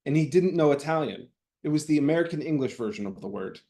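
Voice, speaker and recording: A man reading his own personal essay aloud, with wry, deadpan comic timing. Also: a little high, quick pace. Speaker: writing fellow reading his work.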